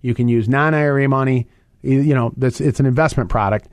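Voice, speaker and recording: A man hosts a financial radio hour, rushing through his points with restarts and filler words. His voice sits at a middle pitch and is recorded dry and close. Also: darkish tone, smooth, no echo. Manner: fast-talking, rambling with restarts and fillers. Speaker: radio show host and investment advisor. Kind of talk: financial advice radio talk.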